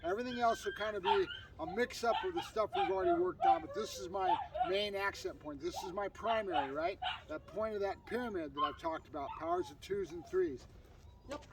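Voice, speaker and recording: A man's voice: high voice, wildly swooping pitch, fairly quick, creaky, distant mic, heavy background noise. A man working as a dog trainer, explaining a training session outdoors while praising his dog. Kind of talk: casual training demonstration. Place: outdoors on a property.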